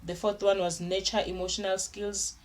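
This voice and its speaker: Woman, young adult, earnest parenting advice, medium pitch, casual talk. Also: little pitch movement, normal speed. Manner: earnest, repeats herself, restarts sentences. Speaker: parenting vlogger.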